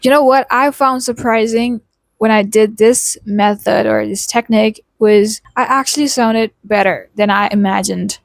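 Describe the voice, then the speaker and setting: A woman's voice: on the high side, fairly even intonation, normal speed, vocal fry, dry recording, clean studio sound. Young Indian woman, chatty accent tutorial. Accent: Indian English shaped toward American. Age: young adult. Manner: chatty, adds tag questions and fillers like you know. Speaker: YouTuber teaching accent. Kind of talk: casual tutorial vlog.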